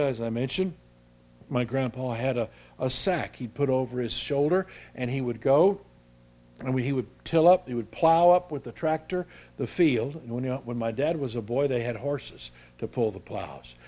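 An older man preaching a sermon in a folksy, halting way, restarting his sentences often and rising in pitch and volume as he presses a point. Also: darkish tone. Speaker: pastor.

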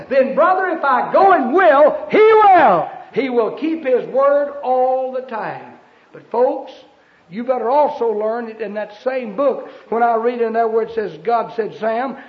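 Man, fervent sermon, very high voice, dull lo-fi recording. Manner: fervent, emphatic Southern preaching with sudden shouts. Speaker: preacher.

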